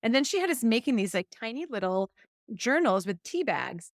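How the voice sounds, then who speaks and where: A woman's slightly high voice, at normal speed, carries a personal anecdote she tells as a podcast co-host, animatedly acting out her old quotes. The studio sound is clean with no echo.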